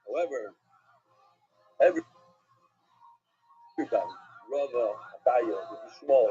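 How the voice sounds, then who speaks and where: A man, a rabbi, giving an animated Talmud class lecture, asking and answering questions with emphasis. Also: fairly high pitch, slightly rough. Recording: dull lo-fi recording with faint music.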